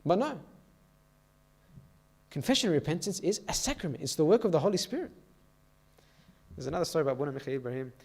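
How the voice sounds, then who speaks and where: A man's voice: fairly high pitch, expressive, fast talker, gravelly, pauses often, darkish tone, slightly rough. A man giving a sermon to a youth meeting in a church, telling stories and often checking in with "okay?" and "all right?".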